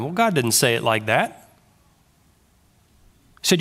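A male pastor preaching a sermon in an animated way, full of rhetorical questions. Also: a little high, normal speed, long pauses.

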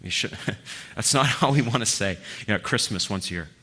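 A man preaching a sermon in a bright, ringing voice. He is earnest and builds to strong emphasis, then drops to a near-whisper on key lines. His delivery is heartfelt, with a guest preacher's directness. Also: fairly low pitch, expressive, a little fast, slightly rough.

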